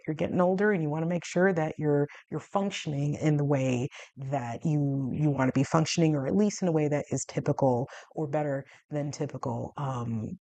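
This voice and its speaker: A woman's voice: gravelly, warm tone, dry recording. A woman in her forties from the United States, talking casually to camera about her health and laughing often. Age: 40s. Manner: chatty, laughs often, acts out dialogue with big jumps in pitch. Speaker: health vlogger.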